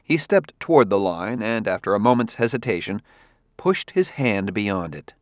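A man reading a novel aloud as audiobook narrator, in a measured, steady way. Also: fairly low pitch, dry recording, clean studio sound. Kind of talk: scripted narration.

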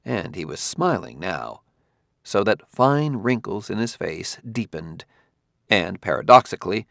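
Low gravelly male audiobook narrator. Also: no room sound, studio quality. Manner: measured, steady reading. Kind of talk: scripted narration.

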